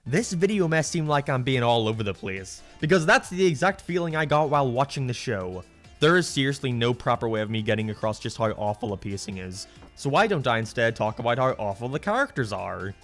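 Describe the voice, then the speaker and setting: A man's voice: medium pitch, fairly bright tone. A man delivering a sarcastic, profane rant as a cartoon reviewer. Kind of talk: ranting review commentary.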